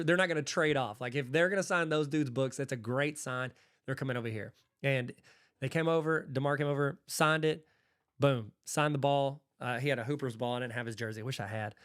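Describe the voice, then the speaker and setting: A man from Arkansas hosting a podcast, telling casual stories and acting out the exchanges he describes. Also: mid-range voice. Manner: animated, acts out quoted exchanges. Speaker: podcast host. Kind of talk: casual storytelling.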